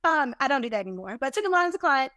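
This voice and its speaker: A woman with a high, bright-pitched voice speaks as a podcast guest. She tells stories in an animated, emphatic way and pokes fun at her own mistakes. The recording is dry and close. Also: racing, dry recording. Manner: animated, emphatic, self-deprecating. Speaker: podcast guest, business owner. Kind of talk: casual interview storytelling.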